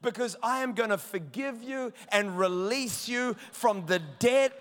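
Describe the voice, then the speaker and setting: A merciful master granting full forgiveness, slow and solemn in his words, as a high-voiced preacher puts him on. The voice rings out through a big echoing hall. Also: a bit bright.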